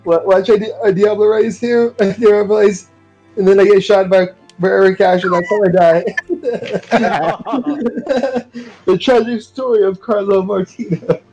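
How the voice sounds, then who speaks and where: A man with a high voice talks slowly and draws out his words while playing a tabletop game. He laughs through his lines as he describes his character's fate. Music plays faintly behind him. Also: steady tone, darkish tone, muffled recording. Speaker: player. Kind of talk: casual tabletop play.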